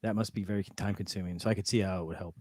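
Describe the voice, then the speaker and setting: A man in a casual chat, animated and self-deprecating, laughing often as he talks. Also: low-pitched, racing, crowd noise. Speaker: guest developer.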